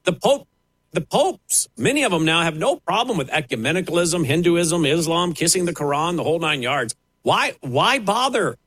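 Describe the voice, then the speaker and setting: A man's voice: on the high side, lively intonation, fairly quick, a bit bright, dry recording, low-quality recording. A man giving pointed, sarcastic opinion commentary on air, talking in a loose conversational way. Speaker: radio commentator.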